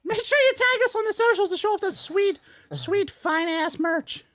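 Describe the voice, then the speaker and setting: A woman's voice: very high-pitched, expressive, moderate pace, a bit bright, shouting. A woman co-hosting a podcast, doing a silly, giggly sponsor read in a put-on voice. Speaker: podcast co-host.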